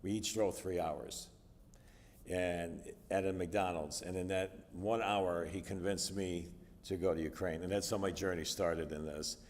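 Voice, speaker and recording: A man's voice: low voice, steady tone, a little slow. A middle-aged man from the United States giving a personal testimony sermon in a church, telling his story conversationally with frequent fillers. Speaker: guest speaker. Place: church sanctuary. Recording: distant reverberant church hall.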